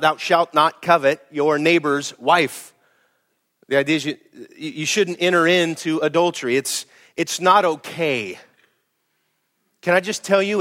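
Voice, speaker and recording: A middle-aged man, a pastor preaching a sermon in a blunt, emphatic way, swinging from loud to hushed. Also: a little high.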